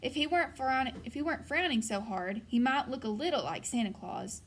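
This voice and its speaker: A woman narrating a first-person audiobook in an even, storytelling manner. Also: high voice, fairly quick.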